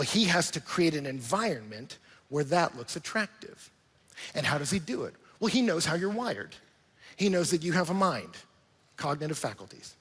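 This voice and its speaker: A male pastor preaches in a large church auditorium, his husky voice ringing with a long reverb. He talks in an animated way, asks the room question after question and acts out small scenes as he goes. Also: fairly high pitch. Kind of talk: sermon.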